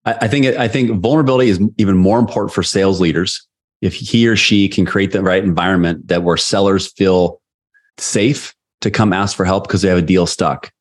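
Man, very deep voice, podcast guest, candid storyteller, casual interview. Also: a little fast. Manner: candid, anecdotal, retells conversations. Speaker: podcast guest, sales leadership coach.

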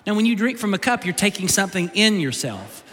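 A male pastor preaching an animated, humorous sermon, often repeating words as he goes. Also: sits high, fast. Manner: animated, joking, repeats words mid-sentence. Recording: long reverb of a large hall.

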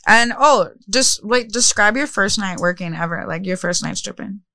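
A woman's voice: medium pitch, normal speed, creaky, sharp tone, no room sound. A woman hosting a podcast in loose, rambling, frank casual chat. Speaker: podcast host.

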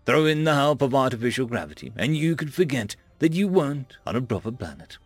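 A man's voice: medium pitch, very animated, fairly quick, slightly rough, dry recording. A man narrating a first-person science fiction story in a wry, conversational way, close to the mic. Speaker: audiobook narrator.

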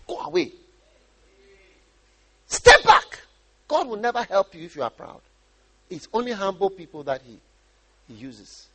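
A man from Ghana preaching a sermon, animated and often repeating and restarting his phrases. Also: fairly high pitch, breathy edge.

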